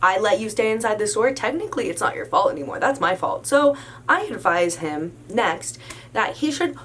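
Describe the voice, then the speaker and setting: Young woman, casual storytime, animated and emphatic, faint background hiss. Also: mid-range voice, moderate pace. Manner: animated, emphatic retelling with many "like"s. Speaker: storyteller recounting a work incident.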